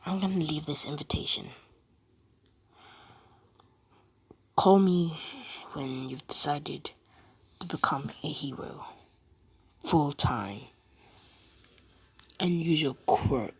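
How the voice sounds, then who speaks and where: A woman voicing a gentle, caring teenage girl in a fan-made story. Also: deep voice, slow pace, pauses often, slight background noise. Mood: encouraging.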